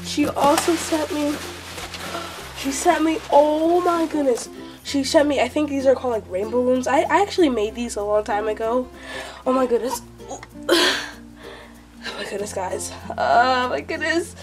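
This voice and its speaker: A female vlogger, gushing and excitable, who is sick and sounds a little off while unboxing a package. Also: high voice, moderate pace, soft background music. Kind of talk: unboxing vlog.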